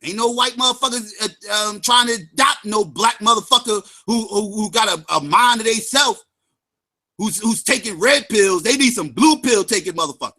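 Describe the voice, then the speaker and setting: A man hosts a livestream and rants heatedly at people who opposed him, often shouting and dropping into mocking sing-song taunts. His voice sits high and sounds hard-edged and forceful. He hammers his points home by repeating the same phrase again and again. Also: normal speed. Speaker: livestream host. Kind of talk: angry profane rant.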